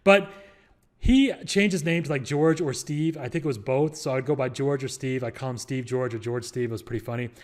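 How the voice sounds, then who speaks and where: A man's voice: mid-range voice, fairly quick. A young man giving casual advice in a rambling, joking way, full of fillers and restarts. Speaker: real estate investor and show host.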